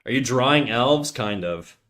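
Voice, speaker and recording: A man from Canada chatting casually on a live stream, laid-back and swearing freely while thinking out loud. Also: mid-range voice, lively intonation, unhurried.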